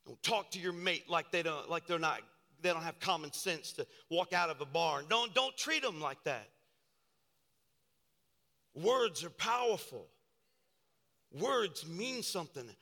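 Bright-voiced male preacher in reverberant hall. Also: a little high, expressive, a little slow, vocal fry, pauses often. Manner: fervent, repetitive preaching. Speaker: pastor. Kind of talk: sermon.

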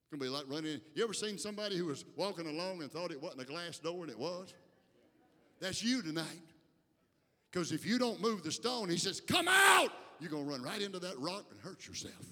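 A man preaching in a church, his high, bright voice ringing with long reverb around the sanctuary. He talks folksy and direct to the congregation, dropping low and quiet, then building to shouts. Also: fast talker. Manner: dramatic, swings from hushed to shouting. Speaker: pastor. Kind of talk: sermon.

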